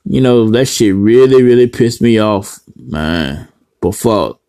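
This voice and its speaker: A man's voice: fairly low pitch, expressive, takes it slowly, dark tone, no room sound. Man, blunt foul-mouthed vlogger; scattered rant, dead-dry recording. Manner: heavy cursing, blunt, scattered. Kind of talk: rambling profane rant to camera.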